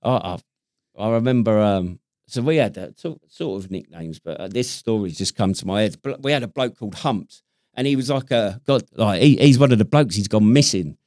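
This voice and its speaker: A man's voice: fairly low pitch, expressive, normal speed, darkish tone, dry recording, studio quality. A British man co-hosting a podcast, telling stories in casual chat with lots of swearing and laughter. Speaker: podcast co-host.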